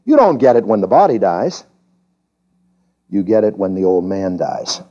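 Animated male preacher with a dull recording. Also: moderate pace. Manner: emphatic preaching, climbing high when stressing points; asks the congregation questions. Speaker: pastor. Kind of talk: evening sermon teaching. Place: church during a service.

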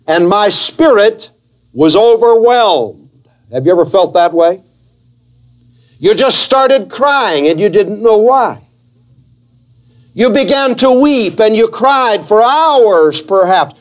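Slow, earnest high-voiced male preacher. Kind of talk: sermon.

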